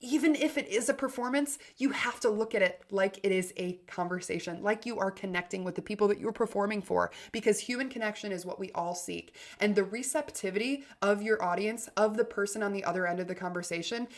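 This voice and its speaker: A woman hosting a self-help podcast, talking in an energetic, emphatic way with restarts and big swings between loud and soft. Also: mid-range voice, fairly quick, hardly any pauses. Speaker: podcast host.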